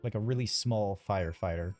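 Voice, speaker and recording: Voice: low-pitched, fairly quick. A streamer chatting casually while playing, rambling with lots of fillers. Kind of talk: casual chat while gaming. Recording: background music under the voice.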